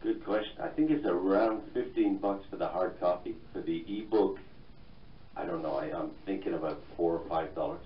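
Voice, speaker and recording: A man from Ireland with a mixed Irish, London and Canadian accent, talking haltingly as a guest author in a radio interview, with many fillers and restarts. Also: low-pitched, echoey room, far from the mic, highs cut off, a little hiss or hum.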